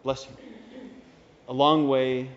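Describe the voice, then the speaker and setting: A man's voice: medium pitch, level tone, slow. A man, a Dominican priest, giving a homily in a casual, conversational way with wry asides. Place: church. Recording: dull reverberant church recording.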